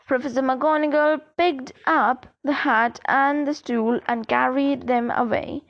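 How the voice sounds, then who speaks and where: A woman narrating a children's novel as an audiobook reader, reading slowly and evenly. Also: high voice, fairly even intonation. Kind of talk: storybook narration. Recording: dull lo-fi recording.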